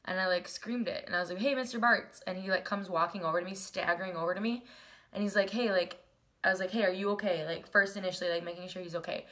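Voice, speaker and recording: A young woman recounts a personal story straight to the camera, casual and chatty, with constant "like"s and bits of re-enacted dialogue. Her voice is bright and clear, sitting a little low for a woman. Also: steady tone, quick pace. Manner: chatty, many "like"s, acts out quoted dialogue.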